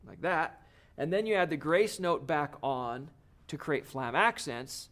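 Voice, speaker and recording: A man's voice: fairly high pitch, expressive, unhurried, over loud music. Encouraging male drum teacher. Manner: encouraging, explains step by step. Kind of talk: video lesson.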